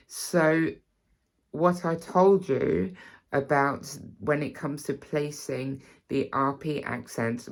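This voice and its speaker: Very low, slow, creaky British woman. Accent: British, non-RP. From Britain. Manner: halting, repeats words, starts many lines with "so". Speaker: accent teacher. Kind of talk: accent tutorial.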